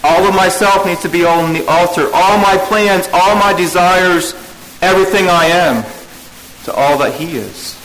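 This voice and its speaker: A man's voice: sits high, moderate pace, slight background noise, low-quality recording. Earnest man preaching a sermon. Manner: earnest, rises to forceful emphasis then drops to hushed tones. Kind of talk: evening sermon.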